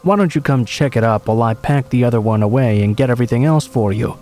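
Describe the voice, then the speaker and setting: A man voicing a charming, creepy young man who speaks in a very calm, soothing way. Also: mid-range voice, quick pace, faint music behind, close to an everyday voice. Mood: coaxing.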